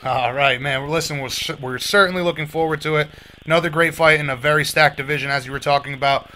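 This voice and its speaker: A man's voice: fairly high pitch, steady tone, quick pace, pushed and bright, a little hiss or hum. A man hosting a radio show, interviewing guests in an easygoing, friendly way and linking segments.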